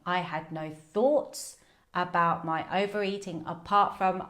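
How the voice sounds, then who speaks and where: A woman's voice: lowish voice, steady tone, moderate pace. A woman coach talking candidly on a live video about food, rambling with fillers and restarts. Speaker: binge eating coach. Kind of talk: casual live video talk.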